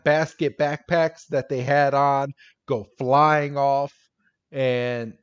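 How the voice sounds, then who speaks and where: A man's voice: mid-range voice, clean tone, lo-fi sound. A man co-hosting a podcast, recapping a cartoon episode in casual chat, laughing often and acting out characters in silly voices. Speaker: podcast co-host.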